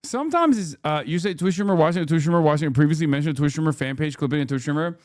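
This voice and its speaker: A male streamer rants through reaction commentary in a sarcastic, profane manner. His voice sits a little high and sounds dry and close. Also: racing, no echo. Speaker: political streamer.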